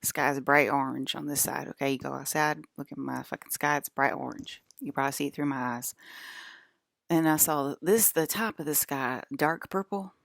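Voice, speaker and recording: A woman's voice: extremely low pitch, normal speed, gravelly, fairly bright tone, no echo. A woman vlogging to her camera in a loose, rambling monologue, laughing often and swearing freely.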